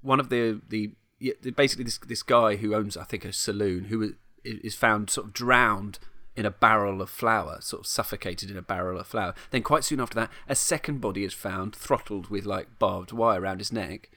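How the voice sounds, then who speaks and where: A man's voice: lowish voice, normal speed, few pauses, sharp tone, no echo. A middle-aged man, chatting casually on a podcast as he retells a film plot, enthusiastic and full of restarts. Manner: rambling, enthusiastic, many restarts. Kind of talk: casual chat.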